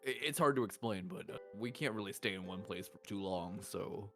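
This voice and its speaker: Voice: brisk, faint music behind. A tabletop role-play player speaking in character as a traveling parent, hesitant with many restarts. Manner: hesitant, restarts, very lively pitch.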